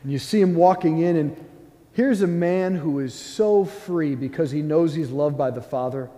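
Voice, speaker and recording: A mellow, fairly high-voiced man preaching as a priest. He speaks earnestly and gently, with soft pauses, as he leads a guided prayer. His voice rings with a long church reverb.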